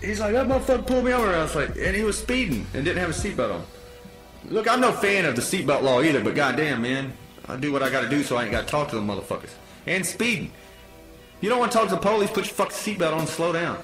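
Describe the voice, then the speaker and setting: Podcast host, male, slightly high voice, profane and exasperated. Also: lively intonation, fast talker, a bit bright, soft background music. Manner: blunt, swearing, exasperated storytelling. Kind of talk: profane comic rant.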